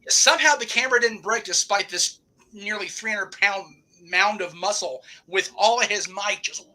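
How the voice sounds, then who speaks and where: A man's voice: high voice, normal speed, bright, forceful tone, poor audio. A man hosting a casual chat, telling old stories with many restarts and fillers. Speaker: podcast host.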